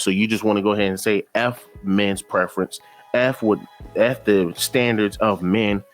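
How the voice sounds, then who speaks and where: A man hosting a reaction video, arguing his point in a preachy, argumentative tone. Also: fairly low pitch. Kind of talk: reaction commentary.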